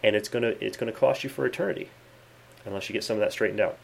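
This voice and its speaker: Gravelly man teaching the Bible. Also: fairly low pitch, racing, slight background noise. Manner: earnest and conversational, quotes scripture, frequent fillers. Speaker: Bible teacher and channel host. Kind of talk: informal video Bible teaching. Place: at his desk in a study with bookshelves.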